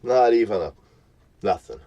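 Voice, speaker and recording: A man's voice: on the low side, expressive, normal speed, dark tone, muffled recording. A man ranting at the camera from his parked vehicle in a profane, threatening, preachy tone. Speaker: vlogger.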